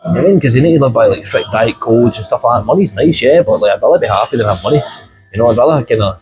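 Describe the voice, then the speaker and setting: A man's voice: medium pitch, expressive, very fast, low-quality recording. A man, talking earnestly and rambling in a casual chat. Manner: rambling, filler-heavy, earnest. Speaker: guest. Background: music.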